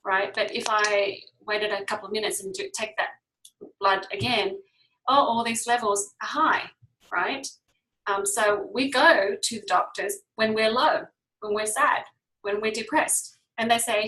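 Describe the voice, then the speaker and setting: Woman health teacher, bright sharp tone, casual explainer who keeps checking in with listeners. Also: mid-range voice, fairly even intonation, unhurried, rough recording. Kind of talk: casual online class.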